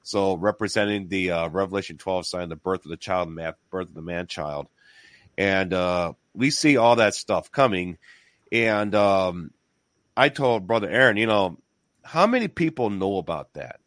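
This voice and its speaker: A man hosting a casual religious discussion, talking in an excited, emphatic, rambling way with many restarts. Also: low-pitched, moderate pace, no echo, clean studio sound.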